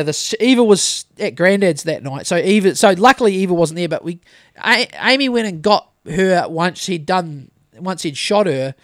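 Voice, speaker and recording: A man's voice: high voice, no echo, studio quality. A man in his thirties with a New Zealand accent, telling a rambling story on a casual podcast and swearing freely. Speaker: podcast host. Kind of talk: casual chat.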